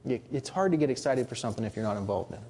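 Male preacher, husky tone, animated delivery, earnest and emphatic. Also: medium pitch, racing. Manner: earnest, rising to emphatic rhetorical questions. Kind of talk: sermon.

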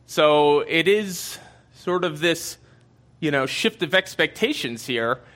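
Bright-voiced man teaching from the Bible. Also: a little high, expressive, takes it slowly. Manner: conversational, with frequent fillers and asides.

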